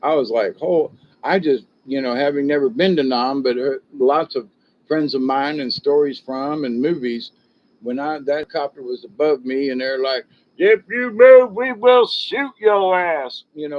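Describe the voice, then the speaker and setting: A man's voice: mid-range voice, steady tone, moderate pace. Chuckling man, rambling monologue. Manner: chuckling, folksy, self-mocking. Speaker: commentary vlogger. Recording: dull lo-fi home recording.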